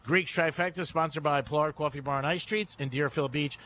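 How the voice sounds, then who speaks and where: A man hosting a radio sports betting segment, talking in a brisk, breezy, chatty way into a studio microphone. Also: a little high, bright, forceful tone, slight background noise. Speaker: radio host.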